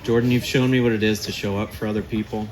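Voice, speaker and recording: A man's voice: lowish voice, level tone, quick pace, darkish tone, slight background noise, poor audio. A man in his forties giving a heartfelt, jokey best man toast at a wedding reception, laughing often. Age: 40s.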